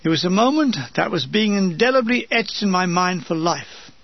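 Gravelly man reading a wry memoir. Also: high-pitched, lively intonation, moderate pace, muffled recording. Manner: dry, comic asides. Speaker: narrator of his own war memoir. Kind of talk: scripted memoir narration.

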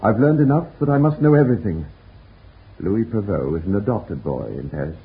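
A suave, inquisitive novelist in a vintage radio play, polished and probing. His voice sits a little low. It is heard through a tinny, narrow broadcast sound. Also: lively intonation, brisk. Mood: pressing. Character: shrewd, suave Parisian novelist, man, inquisitive. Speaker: visiting novelist. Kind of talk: 1940s radio acting.

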